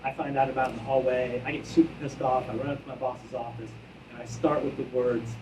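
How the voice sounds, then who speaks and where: A man's voice: medium pitch, brisk, reverberant, distant mic, noisy background. Man telling a brash story on stage. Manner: animated anecdote, acts out both sides of dialogue; casual, a bit brash, self-mocking. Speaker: brand executive speaker. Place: conference hall with live audience.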